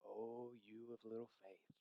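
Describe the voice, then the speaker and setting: A man softly quoting a gentle, calm teacher. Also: unhurried, creaky, no echo, phone-quality sound. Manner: soft and low. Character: gentle, calm adult male religious teacher.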